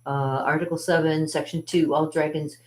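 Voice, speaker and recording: A woman's voice: deep voice, steady tone, moderate pace, lightly acted. Woman doing a pompous, stuffy border guard. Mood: officious. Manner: stiff, formal, reciting regulations.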